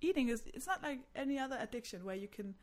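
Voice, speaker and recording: Casting: woman comic, lively storyteller, candid chat. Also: sits high, fast talker. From Denmark. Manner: animated storyteller, acts out quotes, frequent laughs. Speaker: stand-up comedian, guest.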